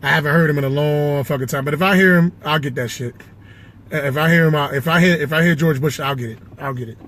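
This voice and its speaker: A man's voice: on the high side, quick pace, a bit bright. A man chatting loosely and swearing as he tries out impressions, talking to himself inside a car. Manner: rambling, self-talking, swears often. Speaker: amateur impressionist. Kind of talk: casual impressions vlog.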